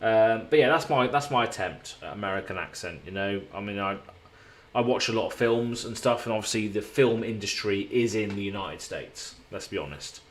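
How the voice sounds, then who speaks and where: A man talks casually on a live stream from a hotel room, his voice sitting a little low. He rambles and repeats himself while answering viewers by name from the chat. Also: normal speed.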